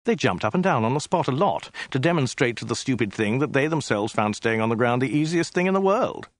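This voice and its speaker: A male narrator reading a comic tale aloud. His delivery is dry and deliberate, and his voice moves animatedly up and down. The recording is close and free of room sound. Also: mid-range voice, expressive, no room sound. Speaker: audiobook narrator.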